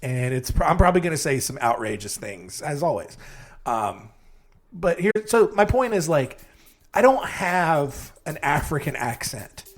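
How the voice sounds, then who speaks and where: A young man hosting a comedy true-crime podcast, with a slightly high voice that swings widely in pitch. He rambles and mocks himself, sleepy but still lively, with sudden squeaky jumps. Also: unhurried. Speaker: podcast host.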